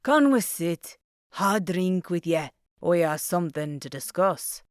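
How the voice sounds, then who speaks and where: A woman's voice: lowish voice, animated, unhurried, dry recording, clean studio sound. A woman doing a thick-accented Scottish man. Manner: formal, archaic Scots phrasing.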